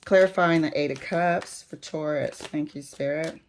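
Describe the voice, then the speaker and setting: A woman's voice: sits low, normal speed, slight background noise. A woman reading tarot cards, speaking emphatically to spirit as she draws them and building into heated stresses. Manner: emphatic, swings into heated outbursts; addresses spirit while drawing cards. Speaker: tarot reader.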